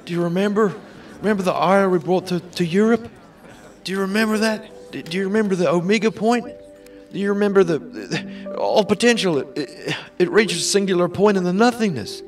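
Guy doing a doddery old president, rambling, stumbly, higher voice, kinda far from the mic. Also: expressive, soft background music. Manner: rambling, halting, confused. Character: rambling Biden impression, muddled old US president.

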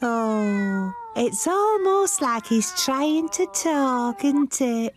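A woman's voice: sits high, animated, extremely slow, background noise, exaggerated voice. A woman voicing a chatty, fussy middle-aged village postmistress walking her dog in a children's cartoon. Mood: fussing. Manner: fussing, chatty.

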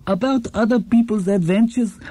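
A man voicing a kindly, courteous elderly antique shop owner who speaks with gentle enthusiasm. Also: high-pitched, moderate pace, breathy edge, no echo, pitched above the performer's own voice. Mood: enthusiastic.

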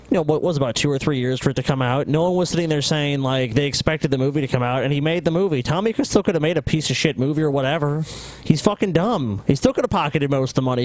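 A man's voice: fairly high pitch, darkish tone, rough recording. A man hosting a podcast, ranting heatedly and mocking the clip. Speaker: podcast host. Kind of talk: casual chat.

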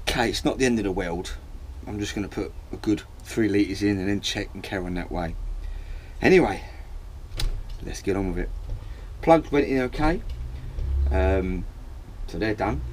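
A man's voice: fairly low pitch, animated, moderate pace. Chatty man in a noisy garage. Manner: chatty, jokey, talks himself through each step. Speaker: home mechanic. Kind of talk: casual step-by-step how-to.

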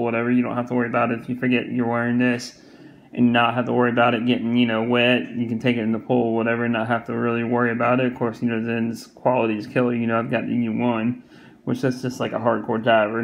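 A man with a Southern US accent talks through a watch review in a loose, rambling way, leaning on fillers and circling back on himself. His voice has a gravelly edge and stays fairly flat in pitch. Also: poor audio. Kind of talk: casual product review.

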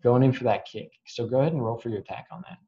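A young man runs a tabletop game over a video call, casual and quick to laugh as he makes up rules on the fly. His voice is mellow and mid-range, and the call audio sounds dull.

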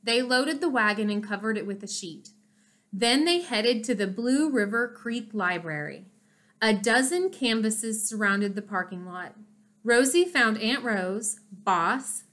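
A woman reads a children's chapter book aloud at an unhurried pace, in a voice that sits fairly high. Now and then she pauses to point out and explain the pictures to her listeners. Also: animated, a bit bright. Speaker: storybook reader.

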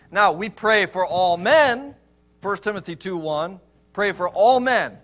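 A man with a fairly high voice preaches a sermon in a church. He hammers home points with rhetorical questions, then drops low and quiet to read scripture aloud. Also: measured pace. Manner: emphatic, rhetorical questions, shifts between loud stress and quiet scripture reading. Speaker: pastor.

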